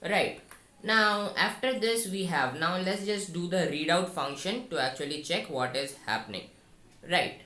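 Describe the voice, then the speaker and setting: A man teaching a coding tutorial, talking slowly and step by step through what he types. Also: sits high, lively intonation, sharp tone, reverberant. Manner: slow and instructive, talks through each step. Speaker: programming tutor. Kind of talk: screen-recorded coding tutorial.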